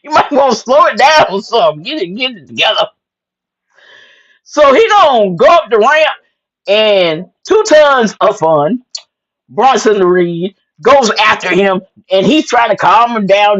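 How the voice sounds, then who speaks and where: A husky-voiced woman hosts a wrestling recap, her pitch set a little high and swinging widely as she acts out every exchange. She talks with sassy flair, calling her listeners "honey." The recording sounds dull and lo-fi. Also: unhurried. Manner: animated, sassy storytelling with "honey" asides and acted-out quotes. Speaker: wrestling show recap host. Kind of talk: excited casual wrestling recap.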